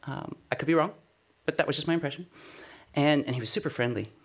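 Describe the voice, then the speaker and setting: A man delivers a conversational sermon, sharing a personal testimony in an earnest, self-deprecating way. His voice is fairly high and his pace quick.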